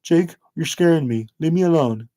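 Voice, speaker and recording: A man's voice: fairly high pitch, normal speed, dark tone, lightly acted. A man voicing a frightened, tearful little boy pleading to be left alone.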